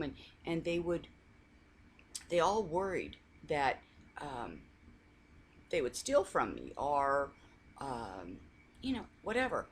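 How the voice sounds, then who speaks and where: Slow and very animated, this faith vlogger pauses often as she rambles through family stories in a coffee-chat setting, restarting frequently and laughing at times. Her pitch is low, and faint hiss or hum is audible.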